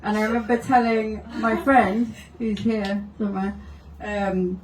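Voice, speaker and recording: A woman's voice: mid-range voice, flat delivery, measured pace, recorded from a distance. Wry woman comic on a roomy stage. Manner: wry, laughing through her anecdotes. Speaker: stand-up comedian. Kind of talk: stand-up storytelling. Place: live comedy venue.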